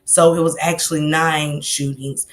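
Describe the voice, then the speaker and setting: A woman's voice: deep voice, level tone, a little slow. A woman hosting a casual livestream, talking loosely at her computer mic and greeting chat viewers by name between sentences. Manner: loose and conversational, with fillers and asides. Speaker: livestream host.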